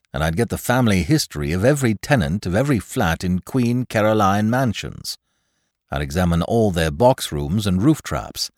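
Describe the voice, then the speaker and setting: A man's voice: low voice, a little mellow, dry recording. A man voicing a dry, matter-of-fact police detective in a storybook reading.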